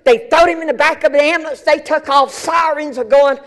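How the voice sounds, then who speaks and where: This is a middle-aged man preaching, sharing a story with animated, everyday speech that often loops back and starts over. His pitch is extremely high, and he talks a little fast.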